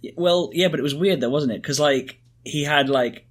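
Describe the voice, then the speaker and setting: A man's voice: on the high side, normal speed. A man co-hosting a podcast, chatting casually and rambling with jokes and restarts. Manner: rambling, joking, restarts often. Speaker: podcast co-host. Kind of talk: casual chat.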